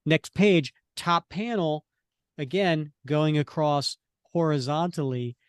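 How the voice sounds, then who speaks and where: A man's voice: fairly high pitch, clean tone, no room sound, clean studio sound. A man co-hosting a podcast, describing comic book panels and correcting himself as he goes. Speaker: podcast co-host. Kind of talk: comic book reading and discussion.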